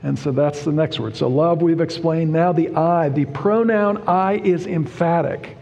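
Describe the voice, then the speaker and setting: A man preaching a sermon, explaining Bible verses word by word in a deliberate, emphatic way. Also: fairly high pitch, vocal fry, a little mellow. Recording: reverberant hall.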